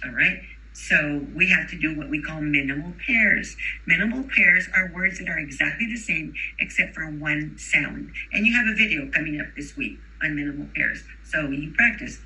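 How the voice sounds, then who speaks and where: A woman giving a recorded lecture to teachers. She explains clearly, models sounds aloud, and checks in with rhetorical questions. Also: on the low side, pushed and bright, low-quality recording. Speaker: instructor for teachers of bilingual children.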